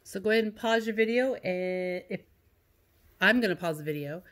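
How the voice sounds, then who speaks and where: A woman teacher records a lesson for young children at home. She talks patiently and reads example sentences in a sing-song voice. She keeps an even, middle pitch. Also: moderate pace. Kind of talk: remote class lesson to young students.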